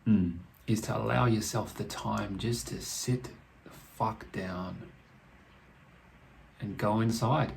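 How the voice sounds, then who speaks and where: A man hosting a reflective solo podcast, talking slowly and thoughtfully, swearing casually, indoors with heavy rain outside. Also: fairly low pitch, steady tone, gravelly, a little hiss or hum, poor audio. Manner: slow, musing, swears casually. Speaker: podcast host. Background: rain ambience.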